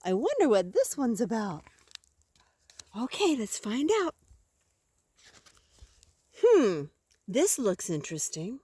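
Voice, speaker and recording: Slow, lively older woman reading a storybook. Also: on the high side, husky, no echo. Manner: slow, gentle and lively, with gasps and questions to the listener. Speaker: grandmother reading to a child. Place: outdoors by woods.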